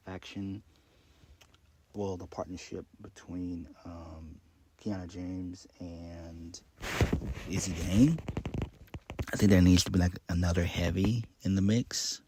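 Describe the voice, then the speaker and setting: A man's voice: low voice, mellow, slight background noise. A man casually recapping a wrestling show, rambling with many ums and uhs in a laid-back way.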